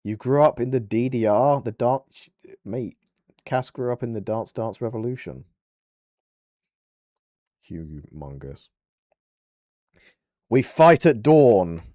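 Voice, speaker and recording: Measured and mellow, with frequent pauses, a fairly low-voiced streamer from southern England chats and banters with mock indignation during a gaming livestream. The close mic is dry with no room sound, and faint game music plays.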